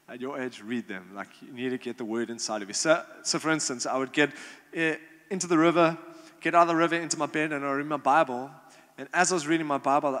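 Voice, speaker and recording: In a long, reverberant hall, a young adult man from a youth group handles a casual Q&A, his answers loose and peppered with fillers and restarts. He has a mid-range voice that's slightly bright.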